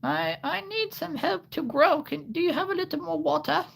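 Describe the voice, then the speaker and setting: A man voicing a tiny talking wheat plant that asks for help, in a very high, small, pleading voice. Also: normal speed, vocal fry, fairly bright tone, full character voice.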